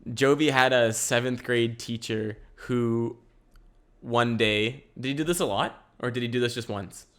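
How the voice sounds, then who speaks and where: A young man hosting a casual solo podcast from home, rambling and energetic and laughing often. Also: medium pitch, measured pace, smooth. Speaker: podcast host.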